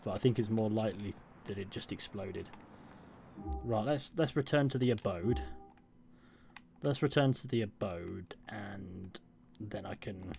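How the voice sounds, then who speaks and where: A man's voice: lowish voice, vocal fry, a little mellow. An English man giving casual, rambling commentary while live-streaming a video game, with dry asides. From England. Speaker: gaming streamer. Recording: noisy game sounds behind.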